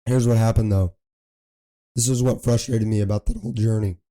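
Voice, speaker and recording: A man in his thirties hosting a podcast in casual chat, hoarse, talking in long runs and pressing his point. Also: on the low side, steady tone, a little fast, warm tone. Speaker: podcast host.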